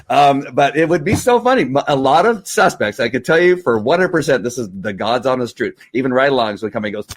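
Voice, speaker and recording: A man's voice: mid-range voice, slightly rough, dry recording, studio quality. A man in his fifties talking candidly on a casual livestream as host, rambling with many fillers and restarts. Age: 50s.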